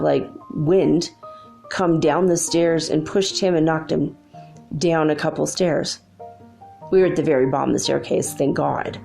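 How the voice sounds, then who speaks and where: Woman, middle-aged, deep mellow voice, rambling casual talk. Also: gravelly. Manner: rambling, chatty, with many fillers. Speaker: spiritual channel host. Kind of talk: casual spoken monologue.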